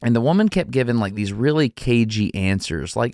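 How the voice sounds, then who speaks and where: A man co-hosting a podcast, telling an anecdote in a casual, animated way, laughing and restarting as he goes. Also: medium pitch, a little fast, hardly any pauses, no room sound, studio quality. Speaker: podcast co-host. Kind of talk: casual storytelling chat.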